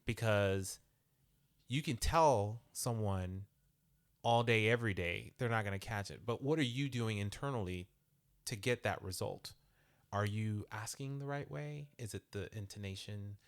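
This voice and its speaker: Low-voiced man hosting a podcast. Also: unhurried. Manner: reflective, acts out quoted dialogue with laughs. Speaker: podcast host. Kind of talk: conversational podcast interview.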